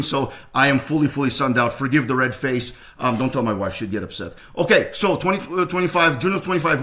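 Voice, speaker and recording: Middle-aged male realtor, quick and bright, chatty, reassuring, restarts a lot. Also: on the high side. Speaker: realtor giving a market update. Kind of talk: casual to-camera market update.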